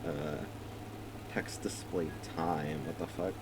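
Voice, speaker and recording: A man's voice: very deep voice, steady tone, slow pace, very noisy. A young man casually narrating a video game he is starting, rambling, swearing and laughing often. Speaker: let's play streamer. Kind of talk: casual gameplay commentary.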